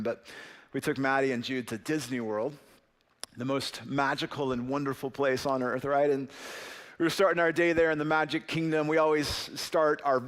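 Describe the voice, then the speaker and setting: A man in his thirties preaching a sermon as a pastor, telling stories in a conversational way with frequent "right?" asides. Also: mid-range voice.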